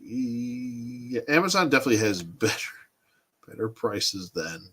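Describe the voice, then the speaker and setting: Lively, bright-voiced man in his thirties. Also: mid-range voice, unhurried, breathy edge. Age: 30s. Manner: rambling, thinking aloud, answering chat. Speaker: toy collecting livestream host. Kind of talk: casual livestream chat.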